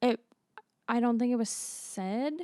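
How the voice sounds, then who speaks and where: A woman co-hosting a casual movie review podcast, telling stories with animated quoted reactions and free swearing. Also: on the high side, measured pace, no echo. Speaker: podcast co-host.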